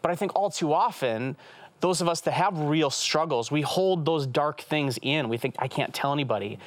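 A man's voice: fairly high pitch, no echo. Earnest man in a dry studio. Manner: earnest, fast, says "right?" often. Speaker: evangelist guest. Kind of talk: animated storytelling interview talk.

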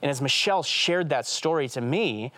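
A man in his thirties, an evangelist guest telling an animated story in an earnest, fast way on a talk show. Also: a little high, no room sound. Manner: earnest, fast, says "right?" often.

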